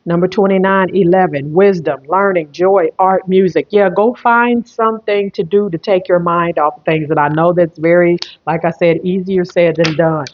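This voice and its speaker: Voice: mid-range voice, fairly even intonation, normal speed, few pauses, dull audio. A tarot reader and medium giving an online reading, repeating phrases emphatically in a rambling flow.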